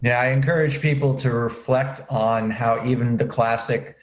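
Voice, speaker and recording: A man's voice: mid-range voice, steady tone, normal speed. A man hosting an interview, talking loosely and chattily about speaking and performance. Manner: chatty, loose, with many fillers. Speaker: host. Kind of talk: casual interview chat. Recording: roomy echo.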